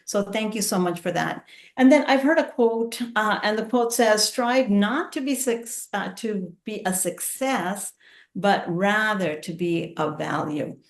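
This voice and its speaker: A woman's voice: medium pitch, unhurried. A woman panelist speaking in a friendly, reflective manner. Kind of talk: panel discussion. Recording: echoey room.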